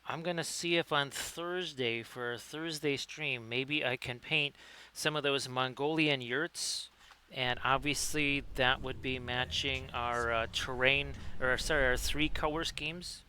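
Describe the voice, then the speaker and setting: Bright, clear-voiced male painting streamer. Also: mid-range voice, steady tone, a little slow. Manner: chatty, greets viewers by name; upbeat, self-correcting. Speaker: livestream host, painting tutor. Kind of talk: live-streamed miniature painting lesson.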